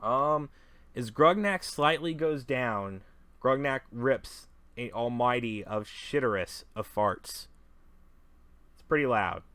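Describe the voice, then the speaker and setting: A man's voice: mid-range voice, expressive, slow, a bit bright, no room sound. A man running a tabletop game as game master, narrating casually with lots of fillers.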